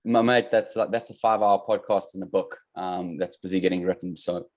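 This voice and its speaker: A man's voice: sits low, steady tone, moderate pace. A man with a South African accent, a podcast guest chatting casually over a video call with dry, joking humor. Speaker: podcast guest, fitness coach.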